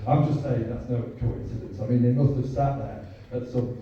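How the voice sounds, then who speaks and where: A man's voice: medium pitch, fairly even intonation, brisk, slight background noise. A man in his thirties with a Yorkshire accent, doing a chatty stand-up set and bantering with the crowd. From Yorkshire, England. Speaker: stand-up comedian. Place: comedy club. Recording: echoey, distant, dull club recording.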